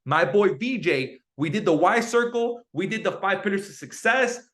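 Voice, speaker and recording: A young man with a high voice gives a motivational coaching talk to his team. He is hyped and energetic, repeats his points, and keeps asking "right?". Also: moderate pace. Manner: energetic, repetitive, hyped, says "right?" often. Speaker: team leader on a sales call.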